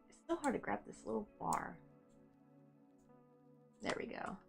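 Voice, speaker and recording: A woman's voice: medium pitch, expressive, unhurried, gravelly, soft background music. A woman in her thirties hosting a crochet livestream, chatting casually in a rambling way with lots of fillers and easy laughs.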